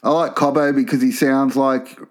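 A man's voice: mid-range voice, level tone, normal speed. Aussie guy spinning long yarns, cursing, sports podcast banter. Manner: rambling storyteller, swears freely.

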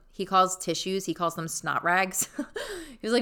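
A woman's voice: on the low side, brisk, sharp tone. A young adult woman casually telling a personal story in a chatty way, with many fillers and easy laughter.

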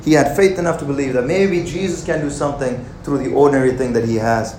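A young man preaching a sermon, animated and conversational, with jokes and asides to the congregation. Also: mid-range voice, fast talker, slight background noise. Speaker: pastor. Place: church hall. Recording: roomy hall with faint ambience.

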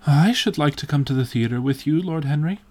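A man reading the part of a naive young gentleman in an audiobook, in an eager, soft, youthful way. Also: on the high side, a little fast, pitched above the performer's own voice, natural voice.

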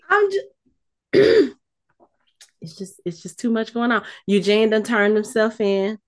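A woman co-hosting a casual chat, retelling a scene with lively, acted-out quotes. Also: a little high, slow pace, pauses often. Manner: animated storytelling, acts out quotes. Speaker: podcast co-host recapping a TV episode.

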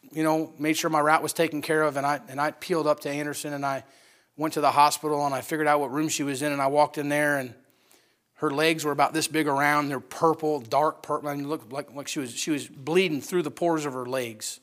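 Fervent male preacher, higher-pitched voice. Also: steady tone, brisk. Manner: storytelling, builds to fervent near-shouting. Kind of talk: sermon. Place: church.

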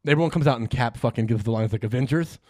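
A young man co-hosting a podcast, chatting casually about a movie, excitable and emotional, swearing freely and laughing often. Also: mid-range voice, racing, dry recording, clean studio sound. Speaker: podcast co-host. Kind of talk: casual movie review chat.

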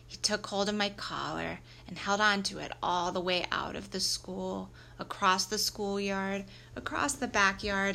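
Woman reading a kids chapter book, bright lively voice, little bit of room hum. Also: mid-range voice, a little slow, gravelly, hardly any pauses. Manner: lively, expressive storytelling. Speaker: audiobook reader. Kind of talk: scripted narration of a children's book.

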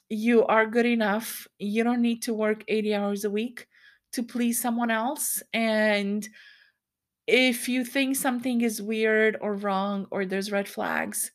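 Woman podcast host, thirties, a bit high-pitched, candid, rambling, frequent laughter. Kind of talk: solo podcast monologue.

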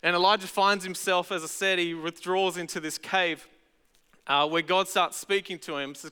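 A man's voice: on the high side, little pitch movement, brisk, bright, forceful tone, clean tone. A man with an Australian accent preaching a sermon as pastor, talking in a chatty, conversational way with casual asides. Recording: echoey hall.

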